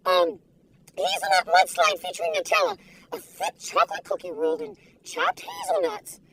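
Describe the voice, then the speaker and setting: A woman's voice: extremely high pitch, very animated, moderate pace, vocal fry, a bit bright, recorded from a distance, slight background noise, poor audio. An older woman reviewing food in a casual video, gushing, giggly and full of exclamations, recorded in her car. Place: inside a parked car.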